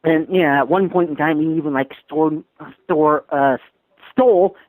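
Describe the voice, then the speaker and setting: A man's voice: fairly high pitch, moderate pace, darkish tone, no echo, low-quality recording. A young man co-hosting a casual podcast, easygoing, with short replies and frequent laughs. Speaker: podcast co-host.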